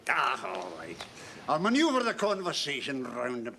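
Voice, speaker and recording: An actor playing a sly older man with a Scottish accent who draws his words out slowly, in a 1970s sitcom. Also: mid-range voice, huge pitch swings, vocal fry, sharp tone, slight background noise, exaggerated voice.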